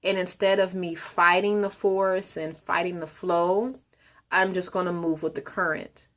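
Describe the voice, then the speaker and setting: A woman who runs a body care business, telling a story in a calm, upbeat motivational video message. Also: fairly low pitch, measured pace. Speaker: colon hydrotherapist and business owner.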